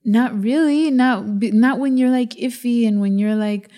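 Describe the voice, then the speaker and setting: Casting note: woman, 30s, earnest and insistent, mellow and dark-toned. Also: a little high, normal speed. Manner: earnest, pressing her point with quoted asides. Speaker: podcast co-host. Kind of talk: candid couple conversation.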